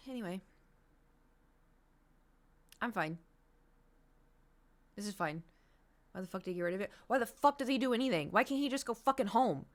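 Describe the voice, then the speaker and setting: A woman streamer talks casually to her live audience in a fairly high voice. She rants and swears freely. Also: expressive, fast.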